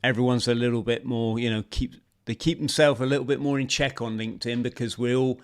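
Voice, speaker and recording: A man's voice: mid-range voice, fairly even intonation, a little fast. A man hosting a podcast, chatting casually with frequent restarts and addressing listeners as friends. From United Kingdom. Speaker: podcast host.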